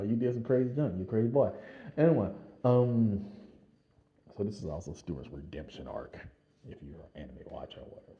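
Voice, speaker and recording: A man vlogging, telling a lively personal story in casual slang with frequent laughs. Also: low-pitched, lo-fi sound.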